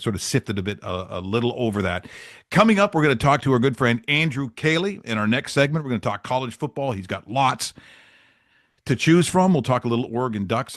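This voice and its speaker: A man's voice: medium pitch, dry recording, studio quality. A man hosting a sports betting show, giving casual picks in a chatty, joking way with loose asides.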